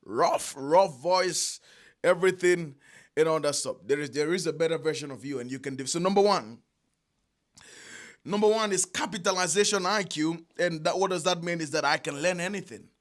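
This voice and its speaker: A man preaching a sermon, emphatic, repeating phrases and drawing out key lines with long pauses. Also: on the high side.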